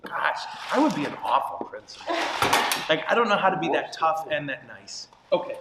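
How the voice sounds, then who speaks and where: Playful priest chatting on a livestream. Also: male voice, on the high side, big pitch swings, fairly quick, heavy background noise. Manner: playful, self-deprecating, chuckles often. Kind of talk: casual livestream chat.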